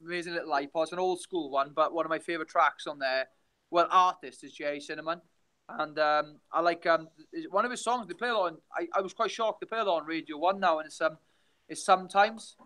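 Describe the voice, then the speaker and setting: A man's voice: a little high, fast talker, sharp tone, poor audio. A young Welsh man talking casually on a video call as a guest fighter, telling stories with many restarts. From Wales. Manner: rambling storyteller, many restarts.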